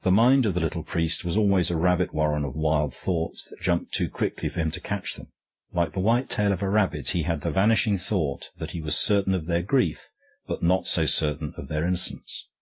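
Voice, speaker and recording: A man reads an audiobook in a steady, even storytelling manner. His voice sits deep and low, with a husky grain to it throughout. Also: moderate pace. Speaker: audiobook narrator. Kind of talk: scripted audiobook narration.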